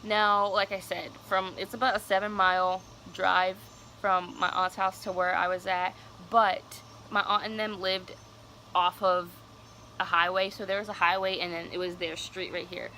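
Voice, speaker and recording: A woman's voice: mid-range voice, flat delivery, normal speed, bright, forceful tone, a little hiss or hum, poor audio. A young woman telling a personal story on her vlog, casual, candid and cursing freely. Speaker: vlogger.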